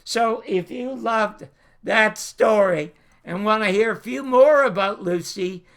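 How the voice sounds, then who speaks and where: An older man hosting his own show, telling a showbiz anecdote in an animated way and acting out the voices. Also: sits high. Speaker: show host. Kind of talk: anecdotal storytelling.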